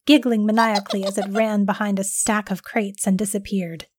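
A woman reading a scripted story aloud in an expressive, steady narration. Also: medium pitch, no room sound, studio quality.

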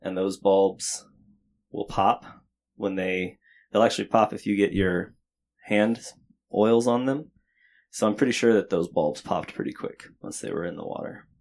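A man's voice: low-pitched, a little slow, a little mellow. A man co-hosting a podcast, explaining things in casual chat and thinking aloud as he goes. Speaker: podcast co-host.

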